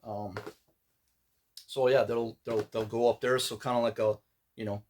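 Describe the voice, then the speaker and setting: A man talking casually about his latest collectible finds. His voice sits at an ordinary middle pitch. He rambles, restarting sentences and filling pauses with "uh" and "like". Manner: rambling, relaxed, many fillers and restarts. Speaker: collector vlogger. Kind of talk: casual pickups vlog.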